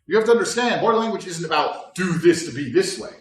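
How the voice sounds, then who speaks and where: A man in his thirties giving a blunt, profane motivational talk, swinging between loud bravado and low calm. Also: quick pace. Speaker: motivational speaker. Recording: roomy sound from a distant mic.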